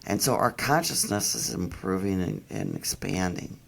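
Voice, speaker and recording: A middle-aged woman dog trainer, enthusiastic and animated, explaining how to read pets in a casual interview. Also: rumbling low, moderate pace, vocal fry, slightly rough.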